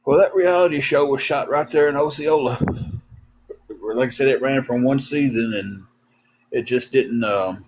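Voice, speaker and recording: A man's voice: medium pitch, a little mellow, a little hiss or hum. A man, co-hosting a casual livestream, telling folksy, rambling stories full of fillers and sounding a bit tired. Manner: drawn-out, tired. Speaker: livestream co-host. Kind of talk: casual livestream chat, storytelling.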